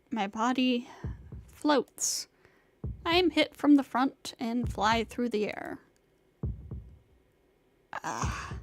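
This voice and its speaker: A woman streamer reading a visual novel aloud in measured, dramatic first-person narration, over music. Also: a little high. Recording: music playing behind.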